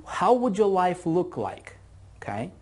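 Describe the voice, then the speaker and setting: Husky-voiced, energetic man teaching marketing. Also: high voice, unhurried. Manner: energetic, enthusiastic, repeats phrases for emphasis. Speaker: online marketing course instructor. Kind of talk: motivational video lesson.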